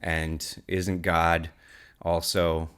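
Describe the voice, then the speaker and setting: Deep, slow-talking wry man. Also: smooth. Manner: wry, deadpan jokester. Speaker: podcast co-host. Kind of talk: casual comedy chat.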